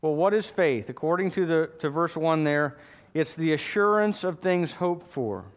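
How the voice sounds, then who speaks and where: A man's voice: fairly high pitch, expressive, normal speed. A man preaching a sermon as pastor, emphatic and calling out for amens from his congregation. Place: church.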